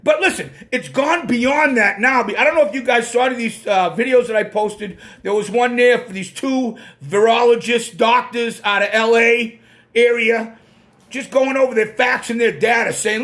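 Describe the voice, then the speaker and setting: High-voiced ranting Boston man. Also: normal speed, fairly bright tone. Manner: ranting, swears when worked up. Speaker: live stream host. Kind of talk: casual live-stream chat. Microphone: computer mic on a live stream.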